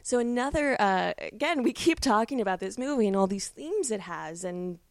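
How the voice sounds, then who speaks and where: A woman's voice: medium pitch, lively intonation, normal speed, no echo. A woman co-hosting a film podcast, giving enthusiastic, analytical takes with casual swearing. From Canada. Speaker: podcast co-host.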